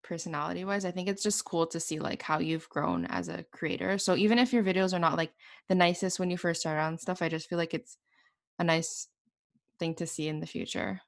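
A young woman from Canada hosts a casual podcast chat, asking her guest questions in a relaxed way. Her voice sits on the low side and has a gravelly texture. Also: fairly quick. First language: English. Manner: relaxed, asks questions, frequent "like". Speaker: podcast host.

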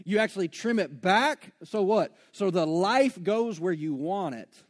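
Male pastor, high voice, talky sermon delivery that slows on key phrases. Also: expressive. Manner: conversational preaching, slows down to stress key phrases. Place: church before a congregation.

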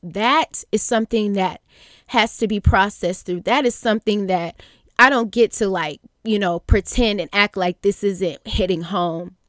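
Young woman talking slow on her faith podcast, earnest, lots of um and you know, dry mic. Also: medium pitch, a bit bright, no echo. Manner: earnest, halting, many fillers and restarts. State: near tears at times. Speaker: podcast host. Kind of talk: reflective faith podcast monologue.

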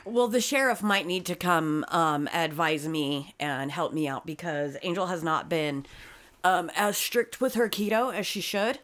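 A woman's voice: on the low side, a little slow, fairly bright tone. A woman co-hosting a podcast, narrating a story and joking in casual chat, swearing freely. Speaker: podcast co-host.

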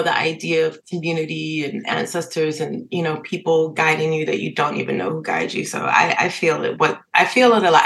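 A woman's voice: deep voice, poor audio. A woman speaking candidly as a podcast guest, frank and open, laughing and sometimes quoting others. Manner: frank, emotional, animated when quoting others. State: tearful at times. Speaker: guest, advertising executive.

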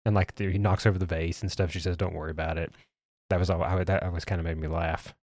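A man co-hosting a podcast in an easygoing, casual manner, pausing and restarting often. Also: deep voice, level tone, darkish tone, no echo, clean studio sound. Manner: easygoing, hesitant with fillers. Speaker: podcast co-host. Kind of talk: casual chat. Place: podcast studio.

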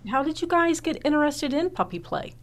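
A woman's voice: high voice, lively intonation, a little fast. A woman co-hosting an interview, asking light, friendly questions in a casual way. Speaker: co-host.

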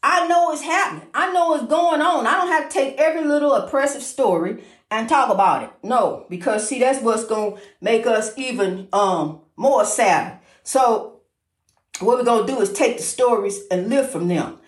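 A woman giving an informal, emphatic preaching monologue, repeating herself and calling the listener honey, speeding up when she gets excited. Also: on the high side, roomy sound. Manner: talks fast when excited. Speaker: inspirational speaker.

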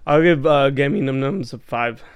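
A man's voice: medium pitch, normal speed. A man co-hosting a casual movie chat, laughing often and speaking bluntly with profanity. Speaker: podcast co-host.

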